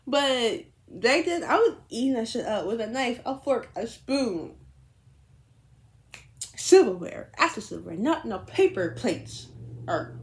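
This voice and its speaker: Young woman, storytime vlogger, swooping higher-than-average voice, laughing and swearing as she talks. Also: measured pace. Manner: animated, laughing, profane, swings high and low. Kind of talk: storytime chat.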